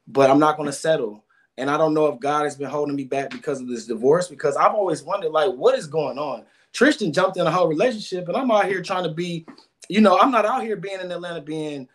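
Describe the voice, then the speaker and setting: A man guest giving emotional, rambling interview answers, often repeating words. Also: on the high side.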